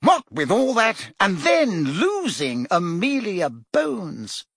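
A man doing a flustered, fast-talking wizard minister. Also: huge pitch swings, fairly bright tone, husky, no room sound, studio quality, full character voice. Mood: weary. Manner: rapid, heated, rising pitch when pressed.

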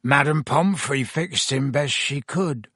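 A man voicing a huge, miserable half-giant gamekeeper who has been drinking, with slurred, slow rustic speech. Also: high voice, sing-song, slightly rough, no echo, clean studio sound, pitched above the performer's own voice, heavily acted.

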